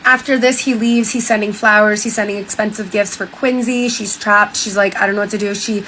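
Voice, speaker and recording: A woman's voice: fairly quick, low-quality recording. Young woman streamer, chatty, reads quotes aloud, light hiss behind. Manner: retells quotes in a flat, lowered voice, casual filler "like". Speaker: streamer reading a diary aloud. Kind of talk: casual reaction chat, retelling a story.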